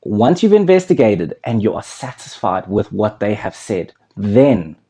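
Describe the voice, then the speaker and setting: Low mellow guy counsellor talking to camera, chatty, keeps asking you questions. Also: very animated, a little slow, breathy edge. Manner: conversational, asks the viewer questions, tells a story. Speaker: anger management counsellor. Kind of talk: direct-to-camera teaching talk.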